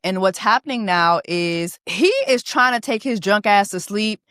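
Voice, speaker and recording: Animated, profane woman recapping a show. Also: medium pitch, normal speed, clean tone, no room sound, clean studio sound. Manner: animated, profane, laughing asides. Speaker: reaction vlogger. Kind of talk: casual reality-show recap.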